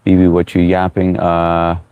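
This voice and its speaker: A man hosting a casual live stream, greeting viewers by name, reading their chat comments aloud and giving relaxed, encouraging advice. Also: low-pitched, measured pace, clear, resonant tone, dry recording, phone-quality sound.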